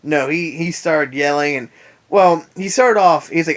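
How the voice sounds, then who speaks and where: A man's voice: fairly high pitch, animated, slow pace, pauses often. A tired young man in bed, venting about an old boss in a casual vlog rant with sarcastic asides. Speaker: vlogger. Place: in bed at home.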